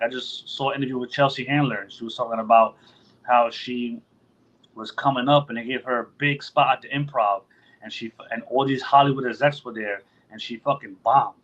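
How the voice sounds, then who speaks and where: A man talking casually as a podcast host, loose and full of swearing, who slips into other people's voices to act out what they would say. His pitch sits in an ordinary middle range. The recording sounds a little dull and lo-fi. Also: fairly bright tone. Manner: loose and profane, acts out quotes in other voices. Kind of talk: casual chat.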